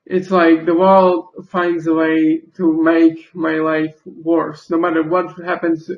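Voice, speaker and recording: Young man, crying, slow halting confessional vlog, gravelly, flat voice, dull lo-fi recording. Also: on the high side, echoey room. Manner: halting, broken sentences and repeated curses. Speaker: video creator.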